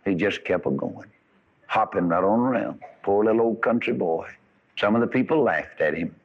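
A man's voice: fairly low pitch, normal speed. A man preaching a sermon, telling folksy stories with rising and falling emphasis. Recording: dull lo-fi radio broadcast.

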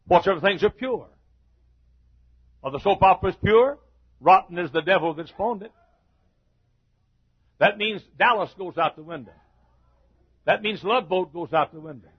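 A middle-aged man preaching a sermon as a pastor, building a repetitive cadence that rises to shouts. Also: high-pitched, slightly rough. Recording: dull lo-fi recording.

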